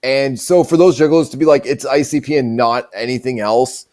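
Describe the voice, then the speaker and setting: A man's voice: mid-range voice, fairly quick, darkish tone. A man hosting a podcast, telling stories in a casual, profane, rambling way. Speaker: show host.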